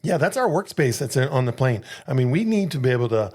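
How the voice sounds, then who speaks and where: A man's voice: medium pitch, big pitch swings, a little fast, a little mellow, breathy edge. A man co-hosting a casual podcast, a flight attendant who jokes bluntly and swears freely. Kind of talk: casual chat.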